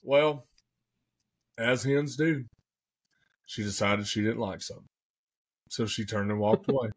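A man, a podcast guest telling a story in an excitable, animated way and often saying "man" and "dude". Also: medium pitch, unhurried. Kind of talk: casual storytelling.

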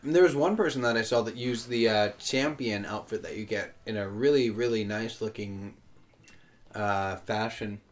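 This young American man, co-hosting a casual gaming chat while playing a video game, has a fairly low voice and a moderate pace. He rambles, shares strong opinions, and fills his speech with fillers.

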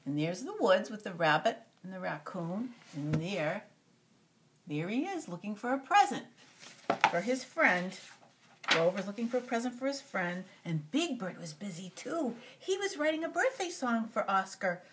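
An older woman reading a picture book aloud to a child, animated and stopping often to talk to the little one. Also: mid-range voice, moderate pace, slight background noise.

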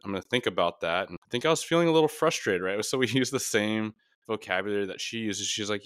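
A man hosting a podcast, reflective and rambling, getting animated when he quotes people. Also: fairly low pitch, fast, no echo, clean studio sound. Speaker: podcast host. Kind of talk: casual podcast conversation.

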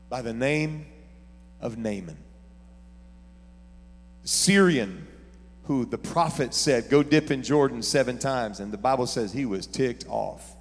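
A man preaching a sermon as pastor, telling stories and building to shouted preaching. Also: mid-range voice, big-room sound. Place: church sanctuary.

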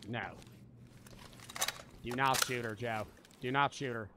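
A man's voice: mid-range voice, fairly even intonation, slow, heavy background noise. A young man streaming a tactical shooter, chatting and joking with a lot of swearing. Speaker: gaming streamer. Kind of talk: live gameplay commentary.

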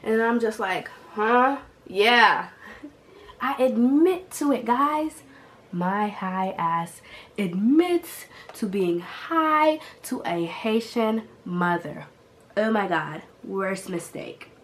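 A young woman in her twenties, sick with a cough, telling a slangy, animated storytime to her viewers. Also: mid-range voice, slow pace, slight background noise. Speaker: vlogger. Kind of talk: casual storytime vlog.

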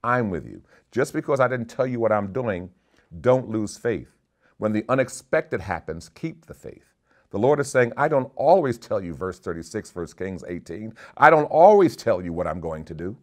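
A man's voice: lowish voice, expressive, normal speed. A man preaching a sermon as a bishop, reading scripture aloud and building in intensity.

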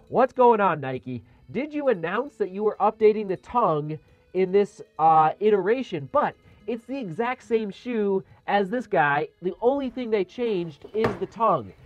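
A man's voice: high voice, no room sound, muffled recording. A man with a congested, stuffed-up voice chatting casually in a vlog, thinking aloud with frequent restarts. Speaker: running shoe vlogger.

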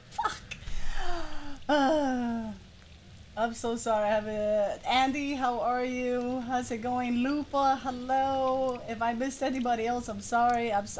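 A woman streaming a horror game, shouting and yelping at it, then talking with her viewers. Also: fairly high pitch, slight background noise. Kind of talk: live game commentary. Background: game music.

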